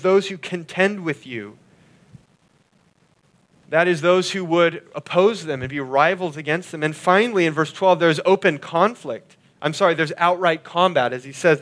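A man preaching a sermon, earnestly expounding scripture and slowing down and dropping his voice on key lines. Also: high voice, a bit bright. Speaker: pastor.

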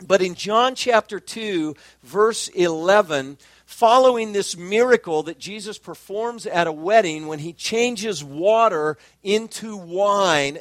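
A man preaching an expository sermon, measured and emphatic, slowing down to stress key phrases. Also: high voice, dry recording. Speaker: pastor.

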